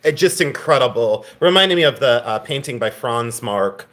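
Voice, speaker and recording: A man's voice: mid-range voice, lively intonation, moderate pace, a bit bright. A man hosting a live jewelry sale stream, teasing viewers in the chat, laughing often and turning tender when he speaks to a friend.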